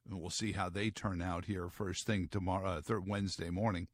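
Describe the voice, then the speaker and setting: A man's voice: low voice, steady tone, a little fast, no echo, clean studio sound. A middle-aged man hosting a morning radio talk show, rambling through news with wry asides and lots of fillers.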